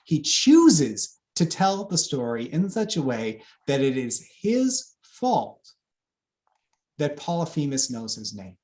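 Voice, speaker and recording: A man, a classics scholar, explaining ideas in a thoughtful lecture talk, often pausing with ums and restarting sentences. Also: fairly high pitch, big pitch swings, a little mellow.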